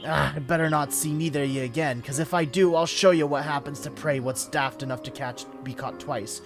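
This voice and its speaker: A man putting on a drawling, rough-spoken female hunter leader who mocks and threatens. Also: on the high side, steady tone, a little fast, close to an everyday voice. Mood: threatening. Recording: clear background music.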